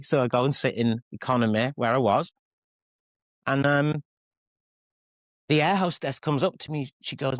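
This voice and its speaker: With long pauses and a slightly slow pace, a medium-pitched man speaks with no room sound. This Mancunian English pop singer and author in his forties is an interview guest, rambling through candid, self-deprecating stories full of restarts and acted-out quotes.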